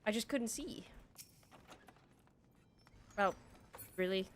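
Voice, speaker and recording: A young woman giving casual commentary while she plays an online game. She is excitable, swears freely and thinks aloud as she goes. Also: medium pitch, slow pace, a little hiss or hum. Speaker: streamer playing an online game.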